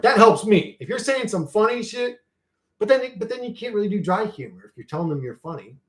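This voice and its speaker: A man talks on his own livestream, reacting to viewers' comments in a loose, rambling way. He swears freely and gets heated. His voice sits a little high and swings widely in pitch. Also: big pitch swings, fairly quick. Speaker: channel host reading live chat. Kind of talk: casual livestream chat.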